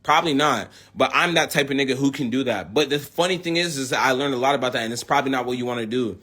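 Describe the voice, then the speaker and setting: A man's voice: medium pitch, fast, bright, forceful tone. A young man from the United States, a rapper, in a boastful, profane, confrontational ranting monologue.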